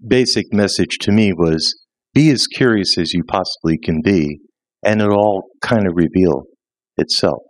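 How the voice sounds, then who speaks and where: A man on a panel speaking thoughtfully to an audience in a measured way. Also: low-pitched, dry recording, low-quality recording. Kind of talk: reflective talk to an audience.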